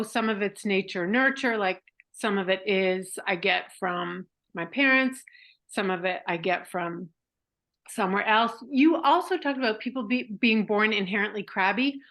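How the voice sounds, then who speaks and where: A woman's voice: medium pitch, fairly bright tone. A woman hosting a casual podcast chat, rambling along with frequent fillers and restarts. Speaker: podcast host.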